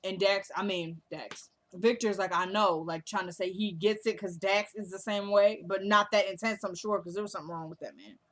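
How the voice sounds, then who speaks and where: A woman's voice: mid-range voice, fairly even intonation, moderate pace, hardly any pauses, fairly bright tone. A young woman casually retelling a TV episode, acting out the characters' lines in a chatty way. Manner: chatty retelling with quoted dialogue. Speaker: recap host.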